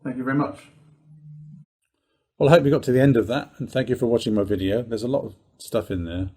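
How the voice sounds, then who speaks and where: A male percussion teacher giving a calm lesson and counting beats aloud as he plays. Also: medium pitch, quick pace, roomy sound, poor audio. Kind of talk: instructional demonstration.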